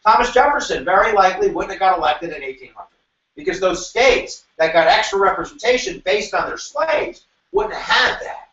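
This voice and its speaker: A man teaching a review lecture to a class, animated and jokey, with sudden shouts and quick asides. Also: high-pitched. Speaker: history teacher. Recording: echoey room, mic at a distance, dull sound.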